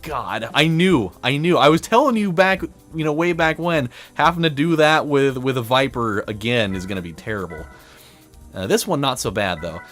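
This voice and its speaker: Rambling, lively-voiced gaming guy. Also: medium pitch, normal speed, soft background music. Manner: rambling, storytelling, frequent fillers. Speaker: let's play host. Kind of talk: casual gameplay commentary.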